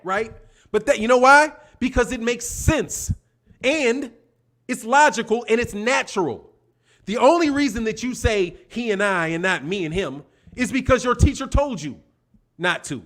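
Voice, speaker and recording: A man's voice: extremely high pitch, lively intonation, moderate pace, a bit bright. A man hosting a boxing live stream, rambling and profane in casual chat. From Chicago. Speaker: boxing show host.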